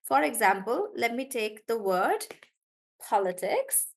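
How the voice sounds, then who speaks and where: High-voiced woman teaching word stress. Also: big pitch swings, vocal fry. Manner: repeats each word slowly to model the stress; calls on students by name and checks in with them. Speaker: English pronunciation teacher. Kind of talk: live class lesson.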